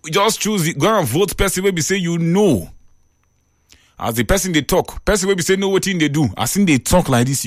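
A man with a Nigerian accent hosting a radio phone-in, talking in an animated way with exclamations and preachy asides. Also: on the high side, no room sound, clean studio sound. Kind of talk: lively radio talk in Pidgin. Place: radio studio.

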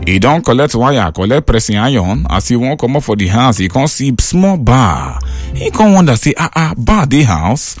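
A man with a Nigerian accent hosting a call-in radio show, teasing and exclaiming in lively chat. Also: medium pitch, normal speed, soft background music.

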